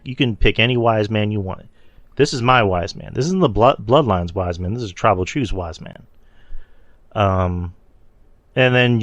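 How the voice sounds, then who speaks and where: A man's voice: fairly low pitch, no room sound. A man hosting a podcast, casually recapping wrestling shows in a loose, rambling way, swearing and laughing at his own slips. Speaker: podcast host.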